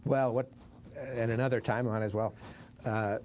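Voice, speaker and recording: An older man from Montana telling war memories in an interview, in a halting, plain-spoken way with many restarts. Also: mid-range voice, fairly even intonation, darkish tone, slight background noise. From Montana, USA. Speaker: veteran recounting war memories. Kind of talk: oral history interview.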